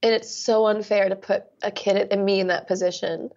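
A woman as a therapy client, speaking in halting, raw, emotional bursts. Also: mid-range voice, little pitch movement, a little mellow, muffled recording.

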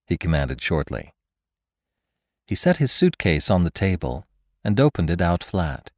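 Deep-voiced man narrating a classic story. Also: no room sound, clean studio sound. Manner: expressive, measured storytelling. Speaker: podcast narrator. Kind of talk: scripted audiobook narration.

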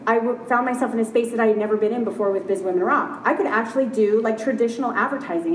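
A woman with a high, bright-toned voice delivers a keynote on stage, chatty and candid, tossing in quick asides. Her voice carries through a roomy hall and reaches the mic from some distance, with faint ambience behind it. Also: slight background noise. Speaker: keynote speaker. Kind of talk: live conference keynote talk. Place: large conference hall.

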